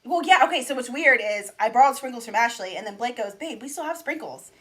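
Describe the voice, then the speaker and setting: A woman's voice: fairly high pitch, lively intonation, quick pace, a bit bright. A young woman co-hosting a casual podcast, chatting easily with frequent ums. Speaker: podcast co-host. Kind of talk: casual chat.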